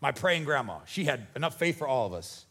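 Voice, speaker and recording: Husky-voiced, animated preacher man. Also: medium pitch, fairly quick. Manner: animated, conversational preaching with jokes and acted-out voices. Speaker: pastor. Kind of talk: sermon. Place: church.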